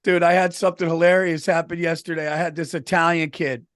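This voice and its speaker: A middle-aged man co-hosting a podcast, telling stories in an animated, profane way and saying "dude" a lot. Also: fairly high pitch, brisk, clear, resonant tone, no echo, studio quality. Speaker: podcast co-host. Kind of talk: casual comedic storytelling.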